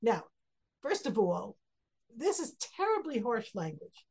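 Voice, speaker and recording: Animated woman teaching a text class. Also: on the high side, measured pace, breathy edge. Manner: reads Hebrew verses then explains, acts out quotes with rising emphasis. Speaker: Torah teacher.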